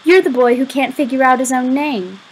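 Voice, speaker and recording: A woman voicing a cool, dismissive teenage girl in an audiobook reading, with a breathy voice. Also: high voice, normal speed, a little hiss or hum, pitched above the performer's own voice, close to an everyday voice, poor audio. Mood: snide.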